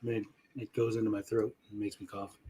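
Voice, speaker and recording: A man's voice: lowish voice, level tone, fairly quick, dark tone, breathy edge. A man hosting a stream, cursing and mocking the video with his co-hosts. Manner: profane, mocking. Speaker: stream host. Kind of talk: crude casual banter.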